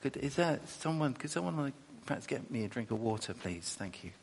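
A man preaches in a hall, and his words ring out with a long echo. His pitch leaps and dips as he talks, his voice has a gravelly edge, and he breaks off into chatty asides. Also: a little fast, slight background noise. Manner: animated, chatty asides, self-correcting. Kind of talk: sermon with scripture reading. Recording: echoey hall.

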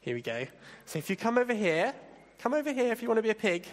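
A man leading an interactive Bible talk, playful and directing volunteers with quick asides. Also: high-pitched, very animated, in a large hall. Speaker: church leader giving a talk.

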